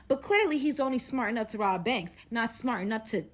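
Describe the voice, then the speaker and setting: A young woman telling a wild personal story in casual storytime style, slangy and dramatic, dropping to a hush and then rising again. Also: a little high, animated, fairly quick, hardly any pauses. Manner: dramatic and slangy, swings from hushed to loud.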